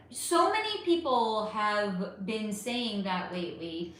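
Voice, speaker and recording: A woman hosting a casual livestream Q&A, answering viewers' questions in an animated, emphatic way and talking straight to her audience. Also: mid-range voice, slow pace, a little hiss or hum. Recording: very echoey room.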